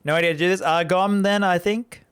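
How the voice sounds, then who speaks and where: This let's-play streamer has a high-pitched, bit-bright voice with clean tone, fairly even intonation, and a slightly fast delivery. He chats casually and ramblingly with viewers, frequently speaking to chat and using lots of fillers such as "like."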